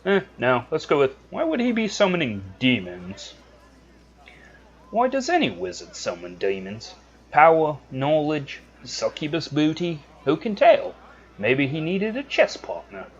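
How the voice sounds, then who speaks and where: A man's voice: wildly swooping pitch, a little slow, breathy edge, highs cut off, exaggerated voice. A man doing a cheeky rogue sidekick. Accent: put-on Irish-like brogue. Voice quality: high light voice. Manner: chatty, irreverent. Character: young male rogue henchman, cheeky.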